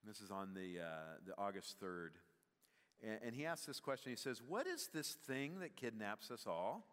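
A man preaches a sermon as pastor in a church sanctuary, his lowish, fairly bright voice sing-song at normal speed. He's conversational and full of fillers, building up to emphatic peaks, with long hall reverb from the sanctuary.

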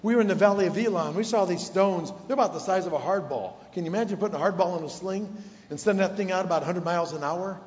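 A man in his pastoral role delivers a sermon in a fairly high voice. He leans on rhetorical questions and sinks to a hushed tone for emphasis. The recording is dull and lo-fi, with long reverb from a church hall. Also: quick pace. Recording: dull, echoey hall sound.

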